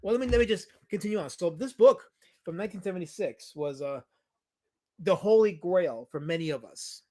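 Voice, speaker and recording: A man's voice: sits high, animated, brisk, a little mellow. Chatty man hosting a livestream. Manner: rambling, playful teasing of chat. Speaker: livestream host. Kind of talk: casual livestream chat about old movies.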